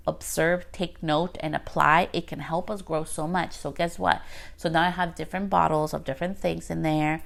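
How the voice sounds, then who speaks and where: Gravelly low-voiced woman podcast host. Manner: chatty, filler-heavy, acts out quotes. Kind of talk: casual solo podcast talk.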